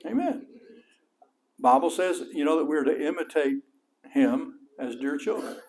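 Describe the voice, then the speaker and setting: West texas preacher guy, middle-aged, kinda high voice, folksy and lively, gets loud and high when he's making a point. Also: a little slow. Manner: folksy and animated, voice rising high for emphasis. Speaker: pastor. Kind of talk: sermon.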